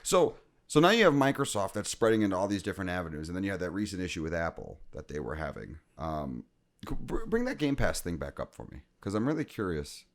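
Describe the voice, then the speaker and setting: A man's voice: deep voice, sing-song, fast talker. A man co-hosting a gaming podcast in casual chat, rambling and joking, often breaking off mid-sentence. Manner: rambling, self-interrupting, joking. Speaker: podcast co-host.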